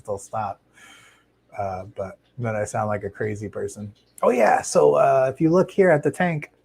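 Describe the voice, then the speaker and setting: A man hosting a casual live stream about his shrimp tanks, talking into a lapel mic in a home fish room in a relaxed, chatty way with plenty of fillers and restarts. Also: medium pitch, poor audio. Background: faint hum of aquarium tanks.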